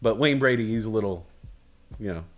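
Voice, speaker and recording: A man's voice: lowish voice, brisk. A man hosting a livestream, ranting casually with heavy swearing, emphatic repetition and loose digressions. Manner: loose, digressive, chuckles at his own jokes. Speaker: livestream host. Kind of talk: casual rambling rant.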